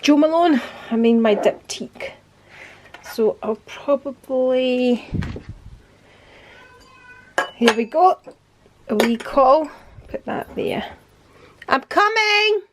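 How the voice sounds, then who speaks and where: Woman, casual home vlog, chatty, showing purchases, fairly high voice, faint background hiss. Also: slow, long pauses, darkish tone, low-quality recording. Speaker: vlogger.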